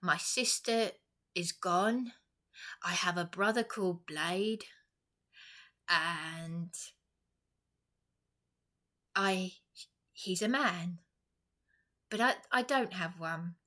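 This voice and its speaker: A woman's voice: fairly low pitch, extremely slow, long pauses, bright, forceful tone. An upset English woman speaking straight to camera in a rambling, impassioned personal vlog. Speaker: vlogger.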